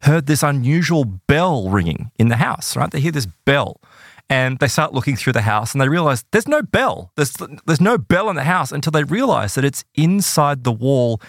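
A man telling an eerie true story in a casual podcast chat, animated and full of "right?" and "like". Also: mid-range voice, normal speed, no room sound, clean studio sound.

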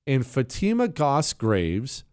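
A man's voice: mid-range voice, huge pitch swings, slow, darkish tone, no echo. Guy doing a talk radio rant, sarcastic and pushy, dead dry mic. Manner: sarcastic and combative. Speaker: radio talk show host. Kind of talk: opinionated talk radio monologue.

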